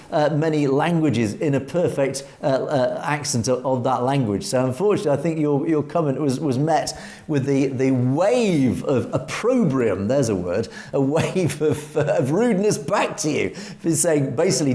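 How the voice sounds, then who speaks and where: On an opinionated commentary talk show, a male co-host from Europe with an English accent speaks emphatically, reads out viewer comments, and often starts his phrases over. His mid-range voice is animated and warm, at a moderate pace.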